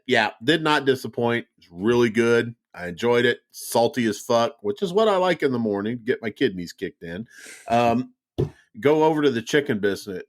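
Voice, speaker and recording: A middle-aged man hosting a podcast, telling rambling, profane stories in casual chat with plenty of restarts. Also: medium pitch. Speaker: podcast host.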